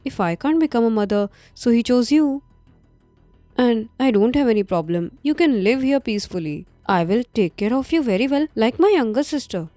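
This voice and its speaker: A woman's voice: fairly high pitch, lively intonation, moderate pace, mellow, no room sound, soft background music, lightly acted. A woman as a sweetly composed wife. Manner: soothing, overly sweet.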